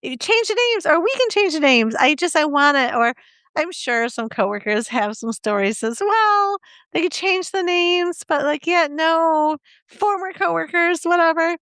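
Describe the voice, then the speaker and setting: A woman's voice: very high-pitched, expressive, normal speed, a bit bright, no echo, studio quality. A middle-aged woman co-hosting a podcast, chatting with enthusiasm and laughing often. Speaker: podcast co-host. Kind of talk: casual chat.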